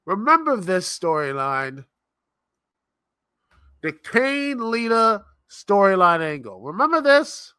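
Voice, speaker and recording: Exasperated bright-voiced man ranting. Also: high-pitched, big pitch swings, slow, pauses often, clean tone, no echo, clean studio sound. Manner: exasperated, rambling, sarcastic. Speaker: podcast host. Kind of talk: live-stream commentary rant.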